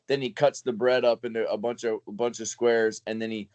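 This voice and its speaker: A man's voice: lowish voice, little pitch movement, a little fast, a little mellow, dry recording, dull audio. A young man co-hosting a casual comedy podcast, rambling and trailing off as he spins ideas. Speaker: podcast co-host.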